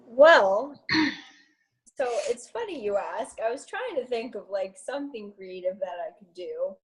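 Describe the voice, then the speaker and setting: A woman's voice: a little high, animated, unhurried, low-quality recording. Chatty, rambling young woman guest. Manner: rambling and chatty, often laughing at herself. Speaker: interview guest, new coach. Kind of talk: casual interview.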